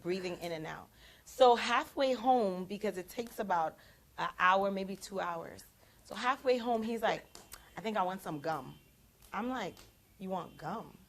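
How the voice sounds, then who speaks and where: A young woman hosting a faith talk show, telling a story from her own life. She acts out what each person said with animated emphasis, and her voice sits at a middle pitch. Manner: animated, acts out quoted lines. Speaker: prophetess and show host. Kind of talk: storytelling in casual chat.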